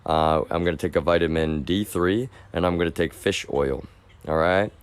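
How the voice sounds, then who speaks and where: A man's voice: low-pitched, fairly even intonation, normal speed, clean tone. A young man streaming live, venting in an agitated, profane monologue, full of restarts and addressing his viewers as y'all. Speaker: livestreamer. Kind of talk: ranting monologue to a live chat.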